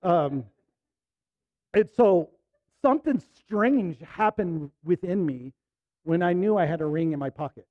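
A middle-aged man preaching a sermon, telling a personal story in a conversational way, dropping to soft asides and rising to emphatic bursts. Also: high voice, expressive, measured pace, pauses often, no echo, dull audio. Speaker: pastor.

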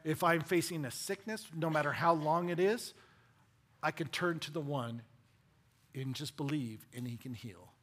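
A man preaching a sermon as a pastor, dramatic and animated, swinging between loud and hushed. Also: on the high side, moderate pace, slightly rough.

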